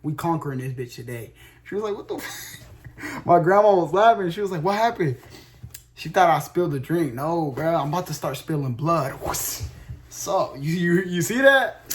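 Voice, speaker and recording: Young guy streamer rambling on, slangy n sweary, kinda high voice, yells out of nowhere. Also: moderate pace, a little hiss or hum. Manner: animated, rambling, slangy, swears a lot, bursts into loud shouts and laughs. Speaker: streamer telling a story. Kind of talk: casual storytelling monologue.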